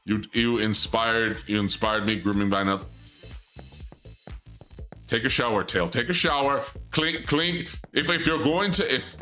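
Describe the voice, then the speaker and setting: A man's voice: mid-range voice, a little slow, sharp tone, soft background music. A young man streaming a game as a VTuber, rambling in goofy asides, cutting himself off and stammering. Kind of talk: live game stream commentary.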